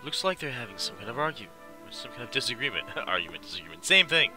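Over music, a young Irish man commentates a let's play of a video game, reading the dialogue aloud while joking and mocking himself. His mid-range voice is very animated, and he talks fast.

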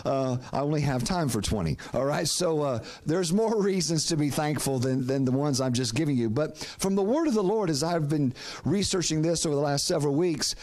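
A middle-aged pastor preaches a sermon in a fairly quick, somewhat high voice with a darkish tone. He often restarts his phrases and calls on the congregation to repeat words back to him.

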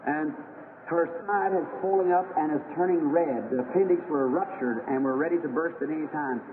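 A man preaches an old-time revival sermon in a church hall, his voice fairly high-pitched at a normal speed. As an evangelist, he tells stories in an earnest, folksy way with acted-out quotes. The archival recording is tinny and hissy.

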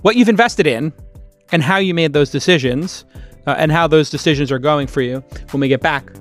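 A Brooklyn man with a Brooklyn accent hosts a podcast, moving between casual talk and a host-read ad. His fairly high voice is brisk, emphatic, and opinionated, and he repeats points for stress over soft background music.

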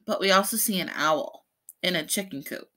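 This woman's voice is lowish and moves at normal speed. As a preschool teacher reading a picture book aloud to children, she animatedly describes the pictures between pages.

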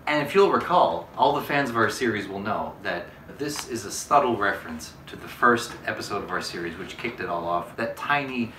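A man's voice: on the low side, bright, forceful tone, slight background noise. Mock-earnest man hosting a comedy unboxing. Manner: mock-earnest, overexcited salesman patter. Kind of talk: mock product review. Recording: roomy echo, mic at a distance.

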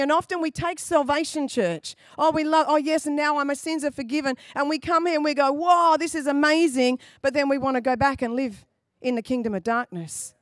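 A woman's voice: sits high, dry recording. A woman pastor from England preaching a sermon in a conversational, storytelling way, acting out quoted voices. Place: church.

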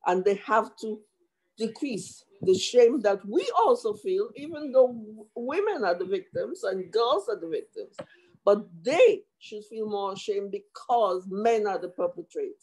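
A woman's voice: mid-range voice, animated, a little slow, a little mellow, poor audio. A woman commissioner speaking at a formal hearing over a video call, impassioned and emotional, with many restarts.

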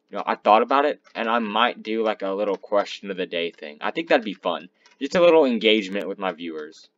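A young man casually commenting on his gameplay, swearing and rambling between loud outbursts and low mumbling. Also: expressive, brisk, hardly any pauses, dry recording, dull audio. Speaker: gaming channel host.

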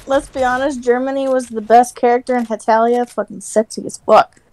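A woman's voice: on the high side, fairly even intonation, a little fast, darkish tone. A woman gaming with friends on a stream, teasing crudely and swearing freely.

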